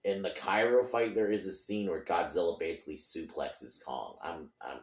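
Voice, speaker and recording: A man's voice: low voice, expressive, moderate pace, few pauses, reverberant. A man ranting in a movie review, frustrated and emphatic, swearing often.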